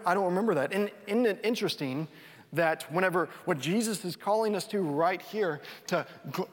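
A man preaching a sermon as a pastor, in a conversational way, often restarting and repeating words and dropping to a soft voice for emphasis. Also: high voice. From North Texas. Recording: reverberant hall.

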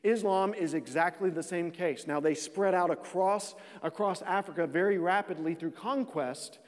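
A man's voice: high voice, normal speed, long reverb tail. A pastor preaching a sermon, earnest, repeating phrases and restarting lines as he builds his points.

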